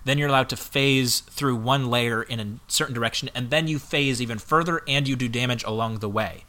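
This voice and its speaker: An expressive man talks about a video game on a casual podcast, his voice bright and forceful. He is animated and laughs easily, and his pitch sits in the middle range. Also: a little fast.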